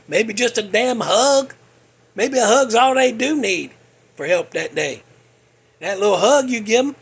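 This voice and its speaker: A man's voice: sits high, gravelly, slightly rough. A man, ranting bluntly in a folksy way as a podcast host. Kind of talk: casual monologue.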